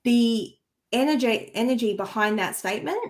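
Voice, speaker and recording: A woman's voice: mid-range voice, moderate pace. A woman co-hosting a podcast as an energy healer, talking earnestly and from the heart in a coaching tone, often restarting sentences as she searches for words. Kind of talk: casual podcast chat.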